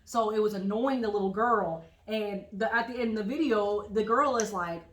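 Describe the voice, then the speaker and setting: A woman co-hosting a casual podcast chat, telling animated stories and acting out what people said. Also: medium pitch, normal speed, echoey room, poor audio. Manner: animated storytelling, acts out quotes. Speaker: podcast co-host.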